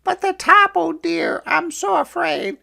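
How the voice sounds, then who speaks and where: A man's voice: very high voice, fairly even intonation, unhurried, vocal fry, pushed and bright, pitched above the performer's own voice, exaggerated voice. A man voicing a fussy young female upstairs maid in a sing-song, fretful storybook voice.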